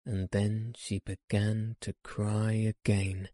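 A man reading a children's story aloud in a gentle, measured way. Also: lowish voice, fairly even intonation, no echo, clean studio sound.

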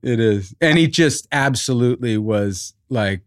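Swearing, animated middle-aged male guest. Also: mid-range voice, unhurried, no echo, studio quality. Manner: animated storyteller, swears, acts out quotes. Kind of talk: casual podcast interview.

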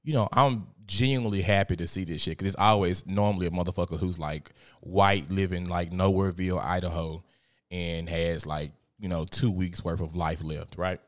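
A man's voice: low-pitched, steady tone, normal speed. Profane, chatty man hosting a live show. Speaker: show host. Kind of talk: casual live-stream commentary.

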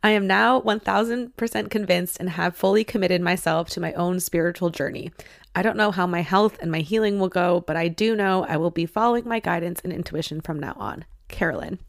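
A woman's voice: fairly low pitch, fairly quick, creaky, dry recording. Emotional woman podcast host, dry close sound. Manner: emotional, effusive, laughs often. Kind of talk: reading listener stories and chatting.

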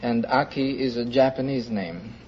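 Polite male contestant from Trinidad, mid pitch, dull old broadcast sound. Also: normal speed, darkish tone, slight background noise. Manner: polite, brief answers. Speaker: quiz show contestant. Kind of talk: casual chat with a host.

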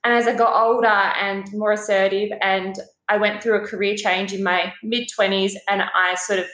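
Pregnant aussie woman chatting, animated, swears a bit, echoey room. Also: normal speed. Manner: animated, swears, acts out quoted voices with big pitch jumps. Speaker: guest telling a personal story. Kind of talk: casual storytelling. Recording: roomy echo.

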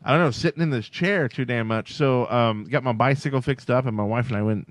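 A man's voice: mid-range voice, brisk, dry recording. A man co-hosting a podcast, chatting casually and rambling with lots of "like" fillers. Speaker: podcast co-host. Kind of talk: casual chat.

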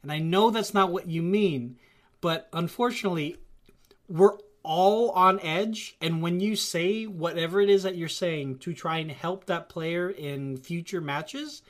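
Rambling animated speaker in casual chat. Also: medium pitch, unhurried. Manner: rambling, animated, acts out quotes.

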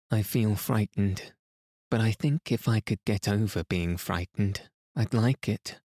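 A man reading a classic novel aloud as a calm bedtime story, gentle and even. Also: lowish voice, no echo, studio quality. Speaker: podcast reader.

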